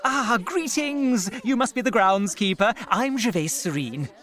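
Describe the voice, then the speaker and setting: A man's voice: high-pitched, animated, unhurried, a bit bright. An actor playing a pompous, posh, old-fashioned male presenter with a plummy, fussy manner in a radio comedy. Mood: prim.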